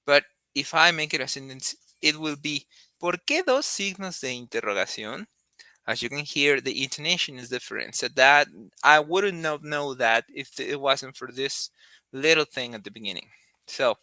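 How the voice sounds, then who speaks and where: Man, very bright crisp voice, casual lesson. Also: mid-range voice, no room sound. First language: Spanish. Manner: thinks aloud with frequent restarts and fillers. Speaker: Spanish teacher.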